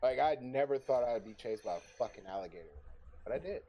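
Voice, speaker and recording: A young man spins a rowdy story in casual conversation, cursing often and laughing between lines. His voice sits at an ordinary middle pitch, with faint noise under the recording. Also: quick pace, muffled recording. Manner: profane, animated, laughs often. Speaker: podcast guest telling a story.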